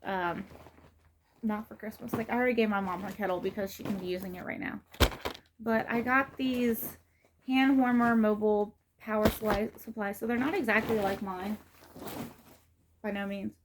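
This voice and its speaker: A woman's voice: mid-range voice, steady tone, normal speed, long pauses, background noise. A middle-aged woman vlogging in a casual, rambling way, with many fillers and restarts. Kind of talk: casual rambling vlog talk.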